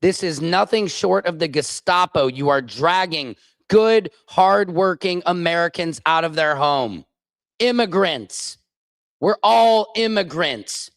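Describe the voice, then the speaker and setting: Furious ranting man, slow and dry. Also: fairly high pitch, animated, a bit bright, no echo. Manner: furious, profane, repeats phrases. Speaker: comedian and show host. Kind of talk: angry political rant. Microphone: streaming microphone.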